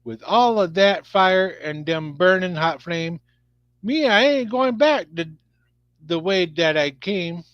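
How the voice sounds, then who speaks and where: A man voicing a jolly old Cajun Santa with a folksy drawl and rough grammar, heard through dull lo-fi stream audio. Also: high voice, slow pace, no echo, pitched above the performer's own voice.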